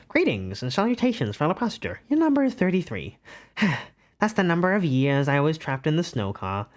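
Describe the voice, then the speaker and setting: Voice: mid-range voice, wildly swooping pitch, normal speed. A streamer puts on a voice to play a polite, formal guide who reads out quiz results to a passenger in a sing-song way. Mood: chipper formal. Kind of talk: comedic voice reading a quiz result.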